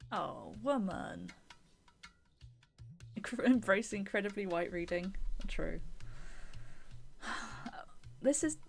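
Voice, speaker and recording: A woman's voice: mid-range voice, lively intonation, slow pace, creaky, long pauses, faint music behind. A young woman streamer chatting casually over a story game, laughing and making self-deprecating asides.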